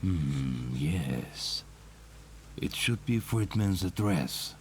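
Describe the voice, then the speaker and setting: Guy playing a creepy old man by a fire, really deep and slow, sinister game npc. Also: animated, slight background noise, heavily acted. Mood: grim. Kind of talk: video game dialogue.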